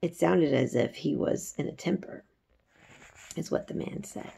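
Woman narrator reading a classic novel aloud, low and gravelly, measured delivery. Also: mellow. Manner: measured storytelling. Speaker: reader.

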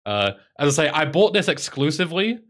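A man's voice: a little high, big pitch swings, a little fast, a bit bright. A man with an English accent chatting casually on a live stream, sarcastic and swearing freely.

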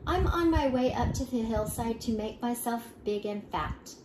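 A tiny, timid young billy goat pleads in a very small, high voice, as a grandmother voices him. The room around the voice is echoey. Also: expressive, normal speed, a little mellow, a little hiss or hum, close to an everyday voice. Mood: pleading.

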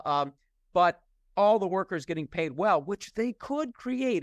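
A man's voice: high voice, a bit bright, no room sound, clean studio sound. A middle-aged man speaking as an interview guest, explaining at length in a thoughtful way with frequent restarts and fillers. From United States. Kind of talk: conversational interview.

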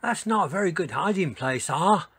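A man voicing a cheerful, eager young female dinosaur in a storybook reading, talking in a bright, excited way. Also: high voice, moderate pace, husky, voice pushed up, full character voice.

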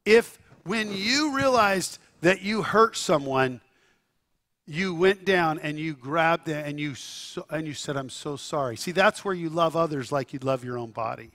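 A man preaches with a high, bright voice that cuts through. He tells stories with animated asides to the congregation, checking in as he goes and now and then breaking into a shout. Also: unhurried. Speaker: pastor. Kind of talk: sermon.

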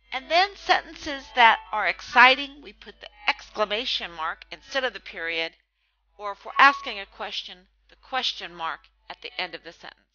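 A woman teaching a reading lesson, sounding out words one by one with careful, clear enunciation. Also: on the high side, pushed and bright, highs cut off. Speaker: phonics teacher.

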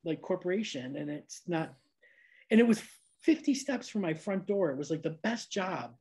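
Chatty and quick to laugh, this woman from upstate New York hosts a casual interview full of fillers. She is a podcast host from Niagara Falls, New York, USA, who lives abroad and records at home with her cats. Her fairly low voice is mellow, slightly rough and expressive at a normal speed.

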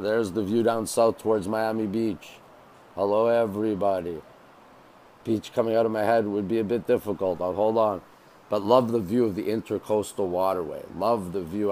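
The audio is poor with slight background noise, and the man's voice is on the low side with a darkish tone. He's a Montreal, Canada native hosting a casual phone livestream outdoors on a beachside hotel balcony, greeting viewers by name and repeating himself.

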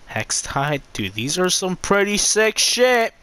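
A man commenting on his own gameplay, swearing a lot and swinging between loud outbursts and low muttering. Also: very animated, slow pace, clear, resonant tone, no room sound. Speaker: gamer.

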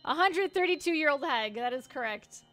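A woman streaming a game and chatting casually with viewers, bubbly and quick to thank them, rambling along with lots of "like" in her speech. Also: sits high, animated, fairly bright tone, faint music behind. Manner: rambling, filler-heavy speech full of "like". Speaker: VTuber streamer playing a game. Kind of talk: casual gameplay chat with viewers.

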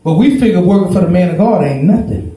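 A pastor preaching a folksy, story-driven sermon that swells into shouts. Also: male voice, sits high, lively intonation, quick pace. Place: church sanctuary. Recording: echoey church room.

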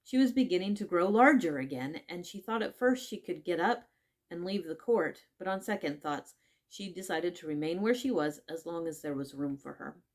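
Woman reading a storybook, low voice. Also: lively intonation, moderate pace. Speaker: audiobook reader. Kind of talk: storybook narration.

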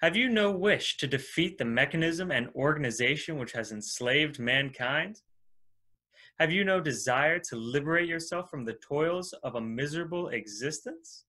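A man's voice: a little high, animated, normal speed, bright, forceful tone. An actor playing a formal, persuasive male messiah and cult leader in an audio drama. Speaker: antagonist.

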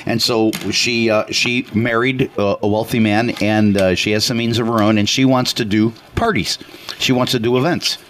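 A man co-hosting a talk radio show, telling an anecdote in an animated, chatty way. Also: on the low side, normal speed. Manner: animated anecdote teller, chatty, many fillers. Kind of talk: casual storytelling on talk radio.

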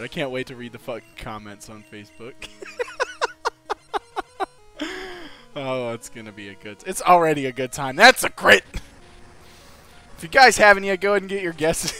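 A man's voice: mid-range voice, quick pace, few pauses, bright, forceful tone, faint music behind. A young man hosting a let's play, giving casual gameplay commentary and breaking into giddy laughter and swearing.

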